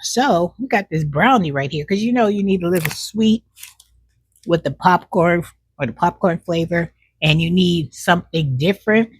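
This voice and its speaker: A woman with a husky, fairly low voice does a snack taste test in a casual, folksy chat. She talks while chewing and savors the food with drawn-out hums, tossing in "child" as an aside.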